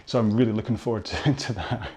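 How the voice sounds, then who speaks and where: A man's voice: lowish voice, fast talker, a little mellow, slight background noise. A man hosting a rowing workout from his home garage, chatting casually in a rambling, jokey and self-deprecating way during the cool-down.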